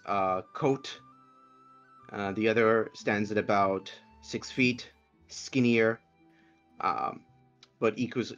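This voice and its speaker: A man's voice: on the low side, a bit bright, dull audio. A man narrating as game master in a tabletop game, chatty and hesitant, with many fillers.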